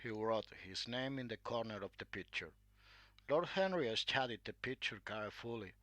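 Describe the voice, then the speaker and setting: A man narrating a classic story, reading in a clear, measured way. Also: fairly low pitch, animated, pushed and bright, no room sound.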